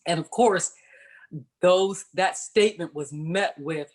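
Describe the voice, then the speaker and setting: Slow and a little mellow, her lowish voice carries a personal story told to a virtual panel via video call. She is a former professional basketball player in her forties, chatting conversationally, explaining each point, and checking in with "right?"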